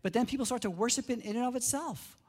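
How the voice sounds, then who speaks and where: Preaching a sermon, a middle-aged pastor talks casually, quickly and with plenty of animation. His voice is a little mellow and climbs high whenever he marvels at something.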